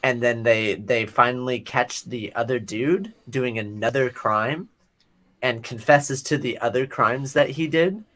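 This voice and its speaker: A man's voice: medium pitch, unhurried, fairly bright tone. A man co-hosting a casual podcast, laid-back, mostly giving short agreeing replies and now and then wandering into a rambling aside. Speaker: podcast co-host. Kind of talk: casual chat.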